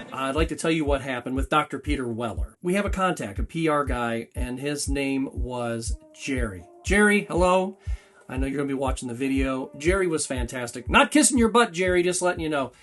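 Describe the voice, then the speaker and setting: A man hosting a casual convention vlog, talking in an excitable, rambling and chatty way. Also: on the high side. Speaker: YouTube channel host. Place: busy convention hall.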